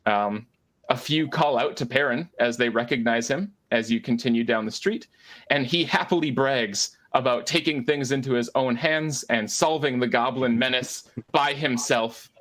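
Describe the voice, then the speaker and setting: A man's voice: medium pitch, moderate pace, a bit bright. A man narrating as game master of a tabletop game, with frequent fillers and restarts. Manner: hesitant, many fillers and restarts.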